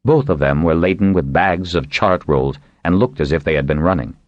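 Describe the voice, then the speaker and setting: Male audiobook narrator, low and lively, dry sound. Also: normal speed, dry recording, muffled recording. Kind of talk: scripted narration.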